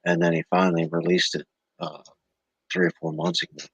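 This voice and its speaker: Male co-host, deep gravelly husky voice, dry sarcastic delivery. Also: expressive, a little fast, no room sound, lo-fi sound. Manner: dry, sarcastic, matter-of-fact. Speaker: podcast co-host. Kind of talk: casual podcast chat.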